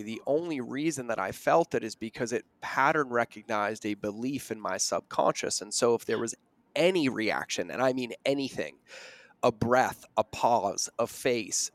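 A middle-aged man hosting an interview podcast, talking earnestly and slowing down to stress his points. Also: medium pitch, no echo. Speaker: podcast host. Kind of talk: conversational interview.

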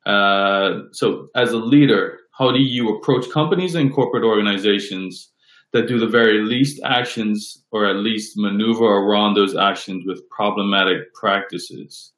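A man's voice: on the low side, a bit bright, echoey room, rough recording. A man interviewing a guest, asking rambling, hesitant questions with many fillers.

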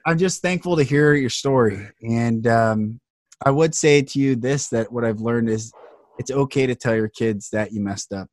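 A man's voice: medium pitch, moderate pace, no room sound, clean studio sound. A man hosting a podcast, speaking earnestly and with passion in a heartfelt conversation. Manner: earnest, impassioned. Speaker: podcast host.

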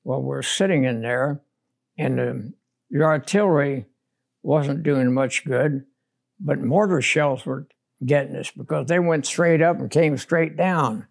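A man's voice: mid-range voice, measured pace, vocal fry. An older man, a war veteran, recounting his combat memories in a blunt, plainspoken way during an oral history interview.

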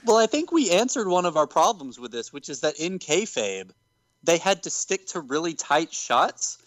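A man's voice: on the high side, sing-song, normal speed, fairly bright tone, dry recording. A man co-hosting a podcast, chatting casually with wry jokes. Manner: wry, joking. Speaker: podcast co-host. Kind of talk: casual chat.

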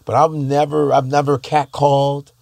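Dude rambling on, laughing, dry close sound. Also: male voice, on the high side, flat delivery, normal speed, gravelly, a little mellow, dry recording. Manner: rambling, laughs easily, self-correcting. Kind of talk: casual chat.

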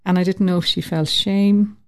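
A woman telling a personal story in an interview, lively and acting out the voices she quotes. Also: mid-range voice, moderate pace. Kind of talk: conversational storytelling.

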